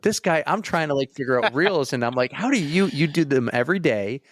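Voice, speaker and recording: A man's voice: fairly high pitch, lively intonation, fairly quick, no echo, clean studio sound. A man hosting a running podcast, chatting casually and telling stories with animation. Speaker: podcast host. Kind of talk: casual interview chat.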